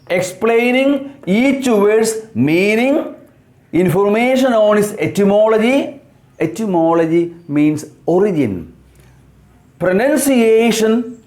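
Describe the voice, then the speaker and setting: A man teaching English, explaining words slowly, spelling them out letter by letter and repeating key terms. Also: sits high, a little mellow. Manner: asks and answers his own questions. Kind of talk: slow explanatory lesson.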